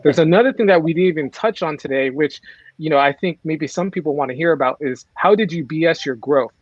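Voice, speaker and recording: A man's voice: a little high, fairly quick, no echo. A man hosting a casual video call, upbeat and full of fillers. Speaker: host. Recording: dry dull call audio.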